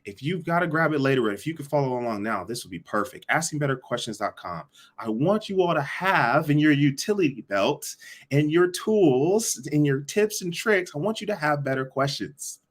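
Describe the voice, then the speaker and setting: A man teaching a live online sales session, energetic and repetitive, asking the audience to answer back. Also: a little high, normal speed. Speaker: sales coach.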